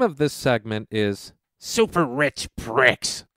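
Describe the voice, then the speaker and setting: Male talk-radio host, congested and stuffy, heated sarcastic rant, smooth resonant tone, dry close sound. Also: mid-range voice, expressive, a little slow, dry recording. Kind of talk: political commentary rant. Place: at home.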